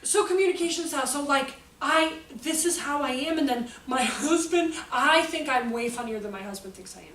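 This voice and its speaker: A woman's voice: sits high, brisk, hardly any pauses. A woman giving an informal teaching talk to teachers, chatty and self-mocking, telling funny stories from her classroom. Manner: chatty, joking, self-mocking, lively storytelling. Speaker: workshop presenter for teachers. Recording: echoey room from far off, faint background noise.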